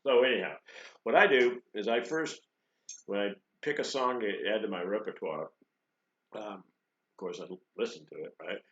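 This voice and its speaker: Joking low-voiced man teaching guitar. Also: fairly bright tone. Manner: rambling, joking, with frequent fillers and restarts. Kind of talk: casual spoken guitar lesson. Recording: echoey room, dull lo-fi sound.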